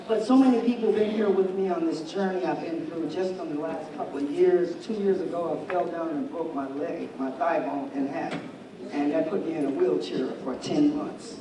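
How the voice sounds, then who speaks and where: A woman sharing a candid personal story with an audience, lively and open. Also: deep voice, normal speed. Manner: lively, candid, with quoted asides. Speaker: attendee sharing her story. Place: large event hall. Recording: echoey hall from far off, crowd behind.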